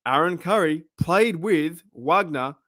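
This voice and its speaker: A man's voice: a little high, animated, takes it slowly, fairly bright tone, dry recording, clean studio sound. A man with an Australian accent hosting his own fan channel, chatting casually and rambling as he asks viewers questions. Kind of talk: casual chat to camera.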